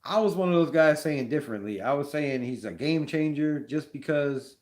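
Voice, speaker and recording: A man hosting a casual live sports talk stream, rambling and animated, peppering his talk with slang. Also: fairly high pitch, moderate pace. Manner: rambling, animated, says "bro" a lot. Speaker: fan show host.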